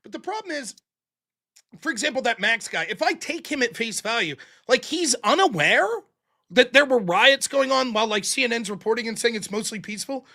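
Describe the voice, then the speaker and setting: Male call-in host, lively high delivery, breaks into little voices for quotes. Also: brisk, gravelly. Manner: animated, acts out quotes in voices. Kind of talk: casual live-stream call-in talk.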